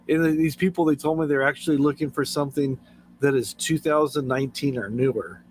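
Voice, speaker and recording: A man's voice: on the high side, steady tone, brisk, slight background noise, low-quality recording. A man hosting a casual late-night livestream, telling stories and chuckling often as he talks. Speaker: livestream host.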